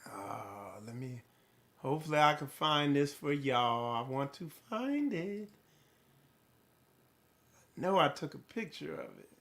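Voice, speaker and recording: Male streamer, high voice, rambling delivery, asks rhetorical questions, swears casually. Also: expressive, a little slow, pauses often, a bit bright. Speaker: host of a spiritual livestream. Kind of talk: casual livestream talk to viewers.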